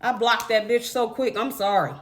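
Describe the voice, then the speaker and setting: A woman's voice: on the high side, normal speed. A young adult woman telling a story in a casual, blunt, profane rant to her viewers. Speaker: vlogger.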